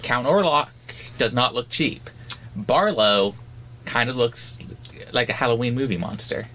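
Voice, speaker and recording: A man's voice: mid-range voice, animated, a little slow, a bit bright, slight background noise. A man co-hosting a podcast in easygoing chat, talking casually and laughing easily. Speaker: podcast co-host.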